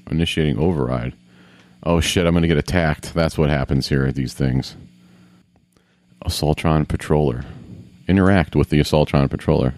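A man's voice: very deep voice, a little mellow, dry recording. A man casually commenting on a video game as he plays, grumbling, swearing and talking to himself. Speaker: gamer.

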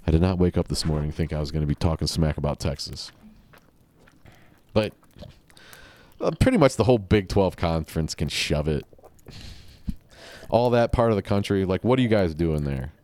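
Man, low voice, rambling casual podcast talk, dry close mic. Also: animated, moderate pace, long pauses, a little mellow, dry recording. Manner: rambling, offhand, profane. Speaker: podcast host. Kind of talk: casual solo podcast chat.

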